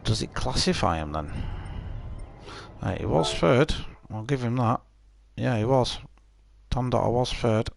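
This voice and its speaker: A man's voice: unhurried, gravelly. Chatty man calling a sim race. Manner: casual, chatty, jumps in pitch when excited. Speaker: sim racing commentator. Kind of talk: live race commentary.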